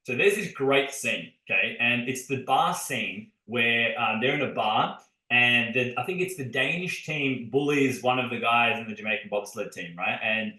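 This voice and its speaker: Podcast host, male, bright forceful tone, energetic storyteller, echoey room. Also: medium pitch, moderate pace. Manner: energetic storytelling, addresses listeners directly. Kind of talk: casual podcast chat. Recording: roomy echo.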